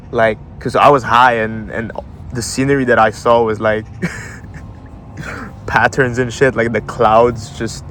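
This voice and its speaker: A man's voice: mid-range voice, a bit bright, a little hiss or hum. A young man casually telling a story, swearing a lot and using slang, laughing as he goes. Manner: profane, slangy, laughs often while telling.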